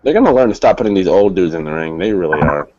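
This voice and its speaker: A man's voice: low-pitched, expressive, fast talker, highs cut off, noisy background. A man co-hosting a casual wrestling review, explaining and speculating about storylines. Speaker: co-host. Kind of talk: casual chat.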